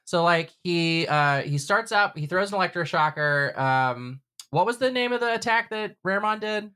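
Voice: medium pitch, expressive, moderate pace, bright, forceful tone, clear, resonant tone. Casual podcast host, recaps loosely, laughs a lot. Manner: laughs often, loose and profane. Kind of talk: casual chat, recapping an episode.

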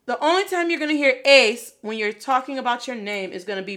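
A young adult woman hosting a casual spoken language lesson, animated and playful, scolding with mock outrage. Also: high voice, normal speed. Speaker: Spanish teacher and podcast host.

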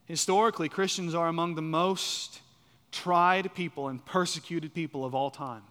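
A man preaching a sermon, emphatic, repeating key phrases and swinging from loud to soft. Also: a little high, steady tone, moderate pace, smooth. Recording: reverberant hall.

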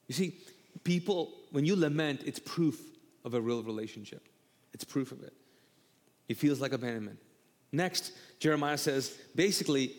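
A male pastor preaching a sermon and chatting with a co-host. He is animated, repeats himself and acts out quotes. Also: mid-range voice, normal speed. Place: church auditorium. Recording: long hall reverb.

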